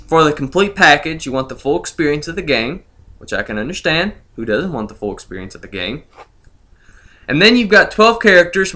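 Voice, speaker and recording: A man's voice: a little high, pushed and bright. A young man ranting sarcastically about a video game, gloating and laughing in disbelief as he talks to his viewers. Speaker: gaming vlogger.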